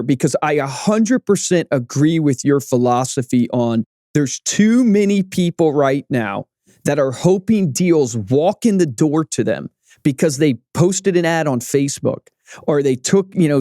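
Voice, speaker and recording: Male podcast co-host, mid-pitched, eager and chatty, dry close sound. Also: mellow, no room sound. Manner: enthusiastic, eager questioner. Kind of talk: casual interview talk.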